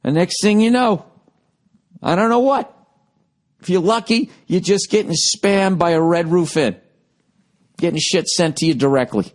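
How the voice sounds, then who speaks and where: Profane ranting podcast host. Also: male voice, high-pitched, moderate pace, pauses often. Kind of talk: casual storytelling monologue.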